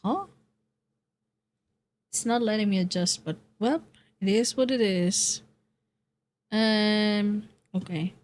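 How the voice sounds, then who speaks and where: A woman's voice: mid-range voice, slow, pauses often, darkish tone. A woman streaming casually as a VTuber, chatting to her viewers with frequent laughter, repeated phrases and free swearing. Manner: talks to chat and friends while setting up a game. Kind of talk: casual live-stream chat.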